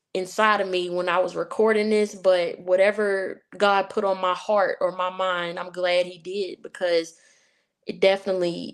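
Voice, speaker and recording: A woman's voice: on the low side, clean tone. A woman from Southern Virginia with her local accent, a guest telling stories at length in a casual interview, with many fillers. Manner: chatty storyteller, many fillers like "you know". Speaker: guest, sports writer and podcast host.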